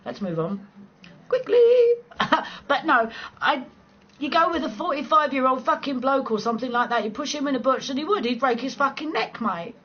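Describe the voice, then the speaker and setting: A woman's voice: high-pitched, brisk, pushed and bright, breathy edge, highs cut off. A woman, chatting casually and playfully on a late-night livestream from home, swearing freely and laughing often. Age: 40s. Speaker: livestream host chatting with viewers.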